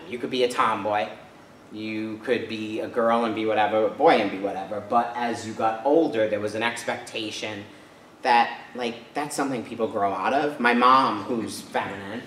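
A man's voice: lowish voice, fairly bright tone, a little hiss or hum. A man from Rhode Island giving a casual personal talk to an audience, chatty, with many fillers and tag questions. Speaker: guest speaker. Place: church hall. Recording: echoey hall from far off.

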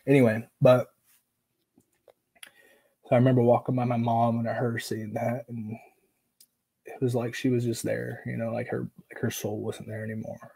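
A man's voice: mid-range voice, little pitch movement, moderate pace, gravelly, pauses often, warm tone, breathy edge, rough recording. A man from Oregon, a podcast guest, telling a personal story in casual, filler-heavy speech, acting out quoted dialogue, earnest and emotional. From Oregon, USA.

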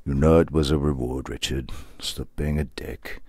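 A man voicing a low, scolding inner voice. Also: fairly even intonation, normal speed, mellow, husky, no echo, studio quality. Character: stern, weary male inner voice.

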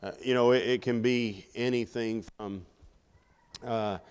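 A man's voice: medium pitch, steady tone, measured pace, a little mellow, clean tone, big-room sound. A man preaching a sermon in a conversational way, putting rhetorical questions to the congregation. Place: church sanctuary.

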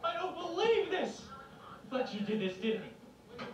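An actor playing a hot-headed young man who talks angrily and shouts. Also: very high-pitched, big pitch swings, unhurried, lo-fi sound, full character voice. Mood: furious. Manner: angry, shouting. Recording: distant noisy roomy TV soundtrack.

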